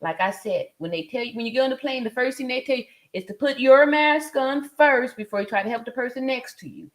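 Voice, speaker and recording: A woman in her forties runs a casual livestream, reading viewer comments and chatting loosely with lots of fillers and frequent laughter. Her voice sits high and moves fairly quickly.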